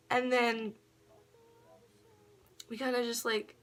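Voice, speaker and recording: A woman's voice: mid-range voice, unhurried, a bit bright. A woman telling a personal story to a camera propped on a tissue box in her bedroom, rambling and giggling, with lots of ums and likes. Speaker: vlogger.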